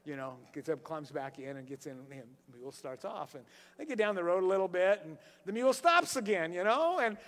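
A man's voice: sits high, expressive, brisk, a bit bright, big-room sound. A man preaching a sermon as pastor, telling stories loosely and often repeating and restarting words.

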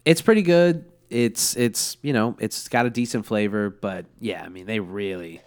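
A man's voice: fairly low pitch, moderate pace, darkish tone, smooth. A man co-hosting a podcast in casual chat, laid-back, swearing freely and laughing often. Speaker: podcast co-host.

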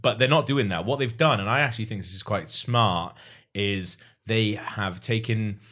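A man's voice: lowish voice, normal speed, fairly bright tone. A Welsh man chatting casually as a podcast co-host, rambling with plenty of fillers and asides. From Wales. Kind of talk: casual chat.

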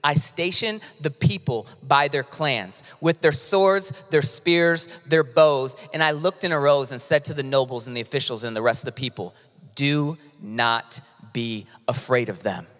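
A male pastor preaching a sermon with impassioned delivery, swinging from quiet to loud emphasis. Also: mid-range voice. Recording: long hall reverb.

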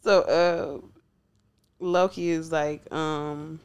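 Podcast co-host, smooth clear voice, laid-back recap. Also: mid-range voice, flat delivery, drawn-out words, darkish tone. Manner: laid-back, laughs often. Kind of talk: casual chat recapping a TV episode.

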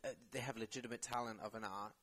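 A man's voice: fairly low pitch, steady tone, rapid-fire, fairly bright tone, low-quality recording. Reflective man chatting as a guest. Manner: reflective, searching for words. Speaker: actor, podcast guest. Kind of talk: casual interview chat.

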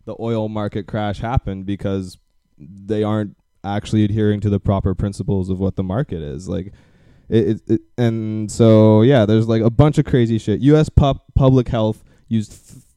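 A man's voice: lowish voice, steady tone, normal speed, dark tone, smooth, no echo. A young man hosting a podcast, chatting casually and rambling with many fillers and restarts. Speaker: podcast host. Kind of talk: casual chat.

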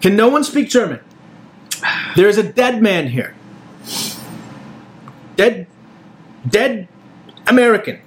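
A man voicing a frantic German laborer shouting in alarm, with a faint hiss behind him. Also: high-pitched, big pitch swings, takes it slowly, pauses often, voice pushed up, heavily acted. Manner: frantic yelling.

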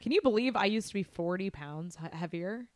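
A woman's voice: medium pitch, expressive, a little fast, a little mellow, no echo, studio quality. A woman co-hosting a casual podcast chat, chatty and laughing, with lots of "like". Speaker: podcast co-host.

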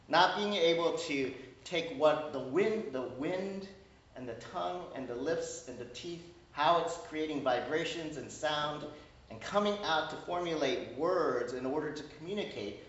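A male pastor preaching a sermon in a conversational, animated way, often checking in with the congregation and acting out small exchanges. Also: on the high side. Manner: conversational, keeps asking "right?"; animated, acts out little dialogues. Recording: roomy echo, distant mic, dull sound.

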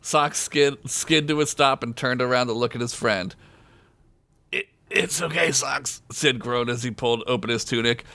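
A man's voice: medium pitch, fairly even intonation, normal speed, few pauses, sharp tone, smooth, dry recording. A man hosting a podcast, reading a comedy story aloud and laughing along. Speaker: podcast host.

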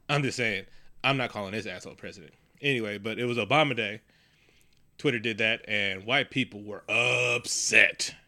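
A man's voice: medium pitch, sharp tone. A man co-hosting a casual comedic podcast chat, rambling and profane, riffing with mocking impressions. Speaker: podcast co-host.

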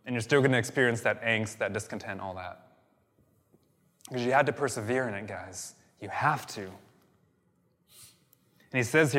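A male pastor delivers an energetic sermon, circling back on his words with restarts and fillers. His middle-pitched voice rings with the long reverb of a church hall. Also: normal speed, long pauses.

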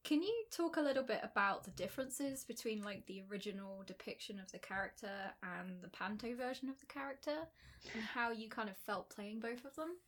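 A woman interviewing guests, asking questions in a measured way with some fillers. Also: on the high side, fairly bright tone.

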